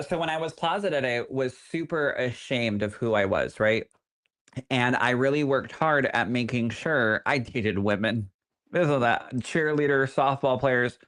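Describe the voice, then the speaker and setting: A young adult man, a psychic medium co-hosting a podcast, telling stories in an animated, campy way. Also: medium pitch. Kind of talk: casual podcast chat.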